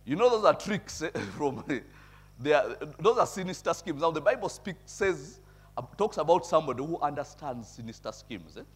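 A man preaching a sermon, reading scripture and explaining it in a conversational way, checking in with listeners and chuckling at his own points, with loud emphatic bursts. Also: fairly high pitch, sing-song, moderate pace, husky. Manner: conversational, tags remarks with "eh?". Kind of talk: sermon with bible reading and commentary.

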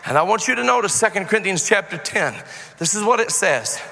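High, bright-voiced preacher man shouting praise. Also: expressive, brisk, creaky, in a large hall. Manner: passionate, yells when preaching; builds to shouting praise, half-sung lines. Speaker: pastor. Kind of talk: sermon. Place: church sanctuary.

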